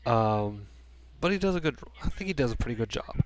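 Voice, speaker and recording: A man's voice: medium pitch, sing-song, fairly quick. A man giving a casual spoken movie review from a room at home, rambling with many restarts and fillers.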